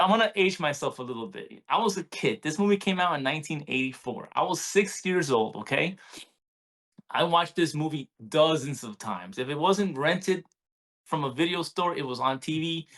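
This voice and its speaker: A man in his forties, co-hosting a podcast, telling a story in a casual, animated way with many restarts. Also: a little high. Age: 40s. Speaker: podcast co-host. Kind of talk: casual chat.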